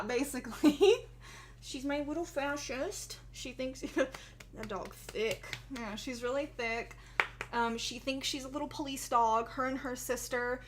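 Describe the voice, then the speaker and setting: A woman's voice: high voice, slight background noise. A young woman chatting casually with viewers on a livestream, giggly and often laughing as she talks.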